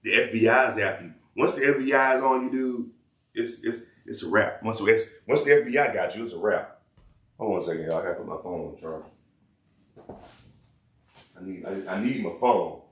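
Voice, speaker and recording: A man talks in a loose, rambling way, often restarting his sentences. His voice sits very low. The sound carries a noticeable room echo. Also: moderate pace, pauses often, fairly bright tone. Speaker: commentary host. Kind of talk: casual commentary.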